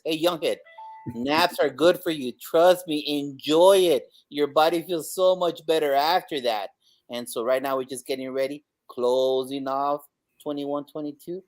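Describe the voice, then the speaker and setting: A man co-hosting a live leadership podcast, energetic and exclaiming, swinging between loud bursts and quiet asides. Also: mid-range voice. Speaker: podcast co-host. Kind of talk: upbeat live-stream opening. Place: home in Texas.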